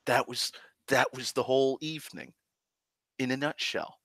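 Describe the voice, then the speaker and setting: A man's voice: mid-range voice, normal speed, a bit bright, no echo. A young man telling a long personal story in casual talk, swearing often and backtracking to correct himself. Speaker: host.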